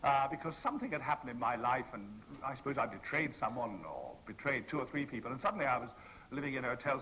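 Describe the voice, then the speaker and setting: A man's voice: medium pitch, pushed and bright, a little hiss or hum, rough recording. A man telling a droll anecdote as a guest on a convention panel, with a theatrical raconteur's delivery. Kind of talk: anecdotal storytelling to a live audience. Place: convention panel before an audience.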